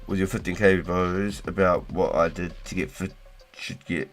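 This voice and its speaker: Man, very low voice, casual livestream chatter, slangy and loose, faint music underneath. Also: normal speed. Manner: relaxed, slangy, swears and laughs often. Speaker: livestream host.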